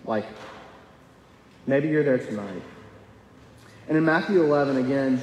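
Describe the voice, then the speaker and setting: A man's voice: medium pitch, darkish tone. Young man, pastor, sermon, earnest, conversational, filler words, echoey church hall, faint room noise. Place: church sanctuary.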